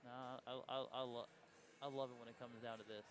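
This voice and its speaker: A man co-commentating a pool match, chatting casually and offering quick remarks about the play. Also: medium pitch, flat delivery. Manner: affirming, quick analytical remarks. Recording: audible crowd noise behind.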